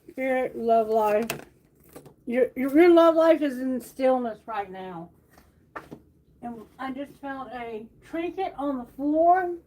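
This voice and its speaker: A woman giving a live-stream tarot reading, blunt and animated, swearing freely as she talks to viewers. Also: sits high. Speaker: tarot reader.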